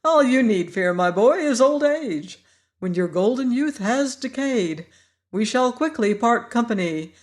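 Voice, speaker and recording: A man reading an audiobook and voicing a cheerful scarecrow king who speaks brightly and gaily. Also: very high-pitched, expressive, pitched above the performer's own voice. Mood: jolly. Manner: bright, brisk, gaily reassuring. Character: cheerful straw-stuffed scarecrow king, gay and chatty. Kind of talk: audiobook character voice.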